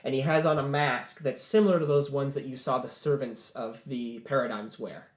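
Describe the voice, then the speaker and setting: A man's voice: medium pitch, steady tone, moderate pace. Man narrating a tabletop game in an echoey room. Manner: rambling narration with restarts, voicing guards. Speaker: game master.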